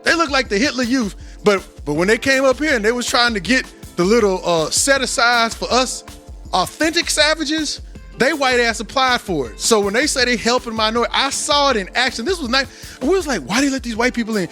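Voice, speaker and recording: A man in his forties hosting a podcast, telling rambling, profane stories in a casual, animated way from a home studio. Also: very high voice, a little fast, faint music behind. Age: 40s. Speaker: podcast host.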